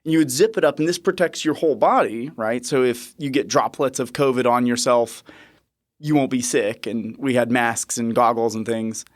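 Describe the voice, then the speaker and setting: A man in his thirties, a podcast host and nurse, telling a story in a lively, chuckling way. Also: medium pitch, normal speed. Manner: lively, chuckling, animated retelling. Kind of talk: casual storytelling.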